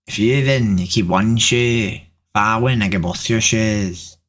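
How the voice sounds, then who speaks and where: A woman's voice: a bass voice, unhurried. A woman streaming from home in casual live-stream chat, talking to herself between strangers and swearing freely. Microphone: desk microphone.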